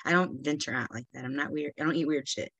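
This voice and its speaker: Chatty Texas woman with a low voice. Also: fast talker, a bit bright, no room sound, dull audio. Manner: chatty, rambling storyteller who clears her throat often. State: throat irritated from allergies. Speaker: podcast co-host. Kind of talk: casual chat.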